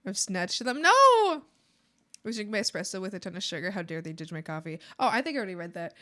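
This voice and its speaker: A woman's voice: lowish voice, racing, a bit bright. A woman streamer chatting casually while drawing, reading chat and often laughing and joking. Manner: bubbly, laughs a lot, swears playfully. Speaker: art streamer.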